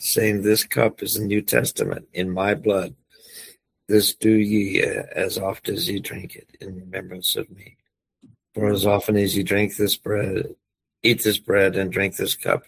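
A man reading scripture slowly and solemnly, then praying softly. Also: fairly low pitch, creaky, breathy edge, no room sound, poor audio. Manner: slow, solemn, prayerful.

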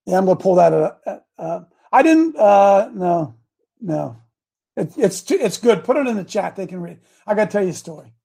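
A man hosting an online group talks through a long, rambling story and keeps restarting his sentences. His voice is high for a man, with a gravelly and husky edge. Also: very animated, normal speed, warm tone. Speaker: host.

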